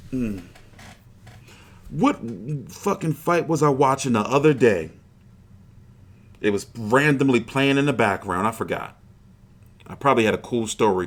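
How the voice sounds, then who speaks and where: Animated profane boxing stream host. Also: male voice, medium pitch. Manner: profane, rambling, frustrated. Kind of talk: casual livestream chat.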